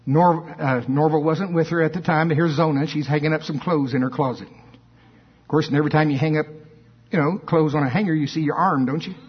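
A male preacher telling a story in an emphatic, animated sermon, with asides to the congregation. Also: fairly high pitch, a little fast, breathy edge. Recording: dull lo-fi sermon recording.

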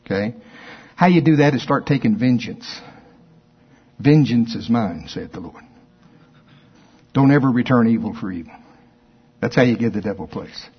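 A man preaching a sermon as pastor, lively and conversational, acting out both sides of imagined exchanges with his listeners. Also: medium pitch, moderate pace, pauses often, slightly rough, dull audio.

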